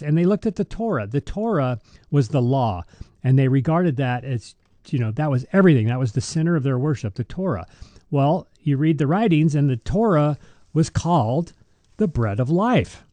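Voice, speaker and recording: A middle-aged man with a dark, mellow voice, talking as a deacon in a casual faith podcast. He rambles through stories with many restarts. The sound is dry and close. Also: mid-range voice, animated, moderate pace, no room sound. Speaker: deacon and show host.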